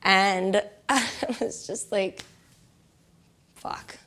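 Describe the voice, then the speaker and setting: A young adult woman casually telling a personal story, often saying "like", laughing a lot and sometimes dropping to a soft whisper. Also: fairly low pitch, a little slow. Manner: chatty, heavy use of "like", laughs often. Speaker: interviewee.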